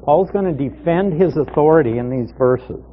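A man's voice: a little high, normal speed, a little hiss or hum. A man teaching a Bible class as a pastor, reading scripture aloud and stressing key words with emphatic repetition. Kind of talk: Bible study lecture. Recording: muffled lo-fi recording.

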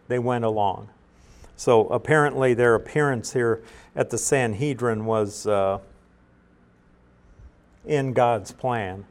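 A middle-aged man teaches from scripture at an unhurried, explanatory pace. His voice sits at an ordinary middle pitch, and he often pauses on fillers and restarts his sentences. He reads passages aloud and then walks through what they mean. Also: darkish tone. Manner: measured, explanatory, with frequent uhs and restarts. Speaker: Bible teacher. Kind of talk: verse-by-verse Bible teaching.

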